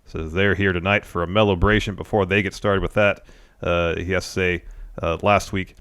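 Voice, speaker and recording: A man's voice: low voice, fairly even intonation, normal speed, fairly bright tone, clear, resonant tone, dry recording, clean studio sound. A man co-hosting a casual podcast, steadily recapping events and reading out quotes. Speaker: co-host.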